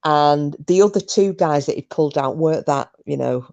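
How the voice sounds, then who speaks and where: Woman host, low relaxed voice, chatty rambly storytelling, lots of ums. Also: normal speed, creaky, muffled recording. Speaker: podcast host. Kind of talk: casual chat.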